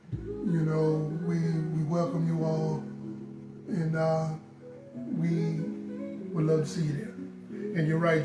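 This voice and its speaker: Guy co-hosting a live chat show, kinda high voice, repeats himself, guitar playing in the back. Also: far from the mic. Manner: earnest, repeats himself, advice-giving. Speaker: co-host of a relationship talk stream. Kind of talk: casual live-stream chat. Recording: roomy sound with guitar music behind.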